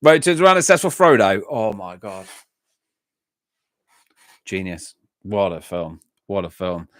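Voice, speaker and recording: Bloke chatting on a livestream, loads of ums and restarts, dead dry mic. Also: male voice, on the low side, big pitch swings, a little slow, fairly bright tone, no echo. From England. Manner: rambling and self-deprecating, many fillers and restarts. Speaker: music reaction channel host on a livestream. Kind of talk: casual chat, reading and answering live comments.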